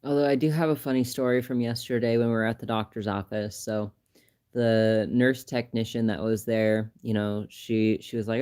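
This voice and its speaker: A man's voice: medium pitch, measured pace, clean tone. Chatty man laughing through a livestream. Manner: chatty, laughs often, animated when retelling stories. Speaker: livestream host. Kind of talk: casual livestream chat.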